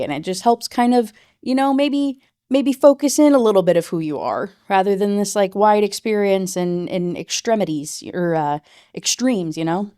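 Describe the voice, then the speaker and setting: A woman's voice: medium pitch, darkish tone, clear, resonant tone, no echo. Chatty woman book reviewer, dry sound. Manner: chatty, with many "like" and "you know" fillers. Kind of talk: casual rant review.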